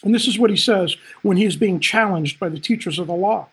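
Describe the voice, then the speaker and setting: Pastor, livestream sermon; husky, fervent, talks straight to the flock. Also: mid-range voice, brisk. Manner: impassioned, swelling to emphatic peaks; frequent "man" interjections, direct address.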